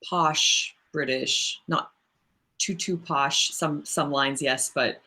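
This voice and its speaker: Woman with a low voice talking shop in an interview, laughs a lot, says like a lot. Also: steady tone, slow pace, bright, forceful tone. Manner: thoughtful, laughs often, many "like" fillers. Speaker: voice actress guest. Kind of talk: casual interview chat.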